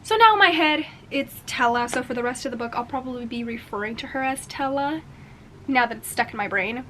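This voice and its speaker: A young woman chatting casually in a reading vlog, excitable, gasping and swearing as she reacts. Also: sits high, a little fast, slight background noise. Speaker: book vlogger.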